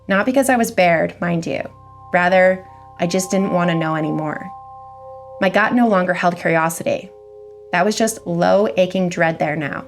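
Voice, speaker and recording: Low, gravelly woman reading a horror story. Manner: measured, even storytelling.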